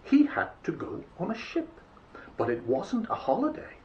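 A man telling a story to children in an animated, playful, exaggerated way, on a dull lo-fi recording. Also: high voice, normal speed, a little hiss or hum.

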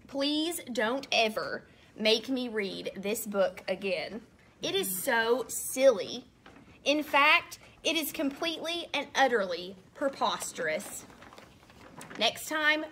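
A woman's voice: fairly high pitch, lively intonation, slow pace, fairly bright tone, slight background noise. A woman reading a children's book aloud, playfully acting exasperated and making silly sounds. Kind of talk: picture-book read-aloud.

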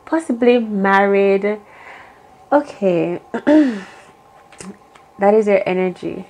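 A woman reads tarot cards on her own, speaking in an affirming, encouraging way. She thinks aloud as she works through each card. Her pitch sits in a middle range for a woman. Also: darkish tone. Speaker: tarot reader. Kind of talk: solo tarot reading.

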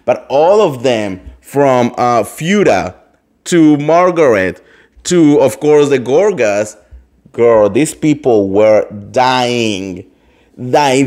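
A man's voice: medium pitch, slow. Gossipy man hosting a chatty show. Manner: animated, gossipy, acts out quotes, calls listeners "girl". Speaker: host. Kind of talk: casual gossip chat.

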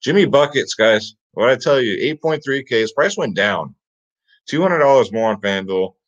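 A man with a mid-range voice, lively intonation, and normal speed hosts a fantasy sports picks show. Casual and hyped, he repeats "guys" and "get him in there" often, heard through slightly dull lo-fi audio.

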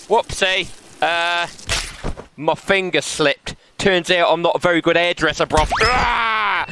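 A man giving excitable, joking gameplay commentary as host of his own channel, laughing often and playing around with his lines. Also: fairly high pitch. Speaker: gaming host. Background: background music.

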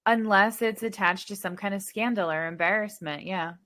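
A woman co-hosting a podcast who reacts to the story with quick remarks and questions. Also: mid-range voice, fairly bright tone. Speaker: podcast co-host. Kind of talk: casual podcast chat.

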